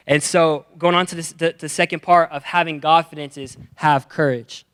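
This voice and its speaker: A young man preaching to a youth group, his voice smooth and clear and sitting a little high. He talks with energy and playful slang and acts out the characters as he tells their stories. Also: steady tone, normal speed, hardly any pauses, a bit bright. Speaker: youth pastor. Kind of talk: youth sermon with acted-out stories.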